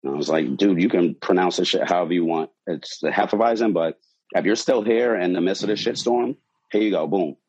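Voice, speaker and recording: A man's voice: low voice, brisk, slightly rough, highs cut off. A man, a bartender, telling a wild story from his shift in a casual, profane way, acting out quotes. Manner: animated, profane, acts out quotes.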